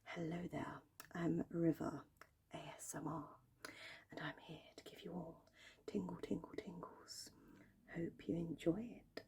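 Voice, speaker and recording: A woman putting on the posh, soft voice of a young male ASMR creator in a whispered role-play. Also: sits low, flat delivery, measured pace, creaky, slightly rough, exaggerated voice. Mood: gentle.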